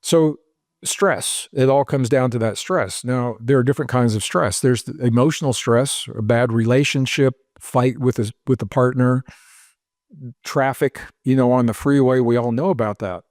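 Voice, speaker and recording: A man's voice: medium pitch, moderate pace, darkish tone, no room sound, studio quality. Earnest man explaining at length. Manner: earnest, explanatory, listing examples. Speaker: author and researcher guest. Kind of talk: podcast interview answers.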